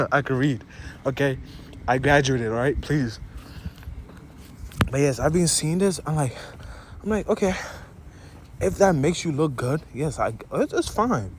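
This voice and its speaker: A man's voice: on the high side, expressive, unhurried, long pauses. Young male vlogger, African and American accents mixed, rambling and blunt, faint street noise behind. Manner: rambling, repeats and restarts phrases, addresses viewers directly. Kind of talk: opinionated casual monologue to camera.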